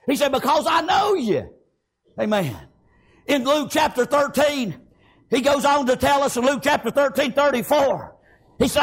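A preacher delivering a fiery sermon, fervent and peppered with amens and praise God, often breaking into shouts. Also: male voice, very high-pitched, expressive, moderate pace.

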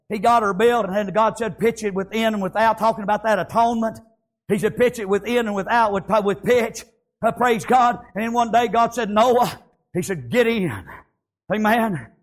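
A male pastor preaching a revival sermon, often breaking into shouts and filling each pause with "praise God" and "amen.". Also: sits high.

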